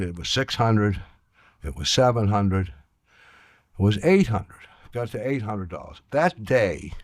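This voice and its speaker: Older man telling a halting anecdote. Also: lowish voice, dry recording. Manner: halting, repeats words, dry humor. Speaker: guest in archive clip. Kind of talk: storytelling anecdote.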